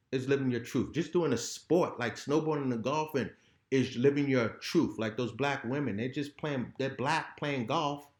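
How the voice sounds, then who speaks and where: Blunt, profane man in a roomy space. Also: mid-range voice. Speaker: podcast guest. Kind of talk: raw candid conversation. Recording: roomy echo.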